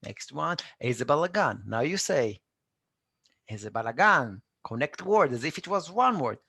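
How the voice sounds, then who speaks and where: Male tutor, patient drilling style, gravelly tone, dead-dry room. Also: fairly high pitch, very animated, brisk, bright, forceful tone. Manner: patient, repeats phrases for students to echo. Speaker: Hebrew teacher. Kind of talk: live online language lesson.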